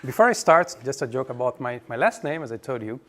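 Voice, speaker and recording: A man from Brazil, giving a relaxed, joking conference presentation. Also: medium pitch, fast. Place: conference room.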